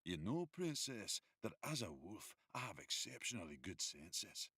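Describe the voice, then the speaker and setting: An actor voicing a teasing, protective male wolf warrior in an audiobook, wry and calm. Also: fairly low pitch, a little slow, breathy edge, no echo, studio quality, heavily acted. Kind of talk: audiobook character voice.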